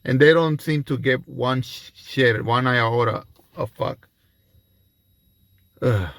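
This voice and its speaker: A man's voice: medium pitch, slow, fairly bright tone, no room sound. A man giving an angry, profane reaction commentary, ranting heatedly.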